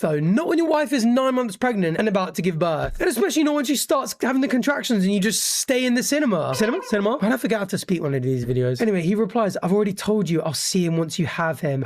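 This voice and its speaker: A man's voice: sits high, a little mellow. A man narrating a reaction video with dry, sarcastic jokes. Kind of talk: scripted commentary with jokes.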